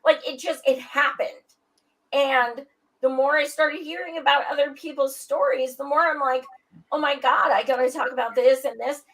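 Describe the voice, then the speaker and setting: A woman's voice: sits high, fairly even intonation, normal speed, a bit bright, low-quality recording. A blunt woman who swears freely and speaks emphatically in a casual panel chat. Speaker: podcast guest.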